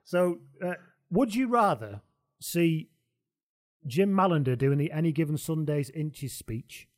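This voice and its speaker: A man's voice: fairly high pitch, animated, unhurried. A man hosting a casual sports chat, delivering dry, jokey quips. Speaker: podcast host.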